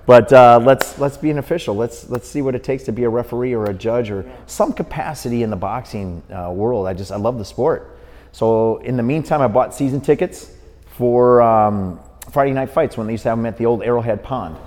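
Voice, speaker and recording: A man's voice: medium pitch, fairly quick, in a large hall. A middle-aged man from Wisconsin, a boxing referee and podcast guest, telling a long story and acting out the people he quotes. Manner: lively storyteller who acts out the people he quotes. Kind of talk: storytelling in an interview.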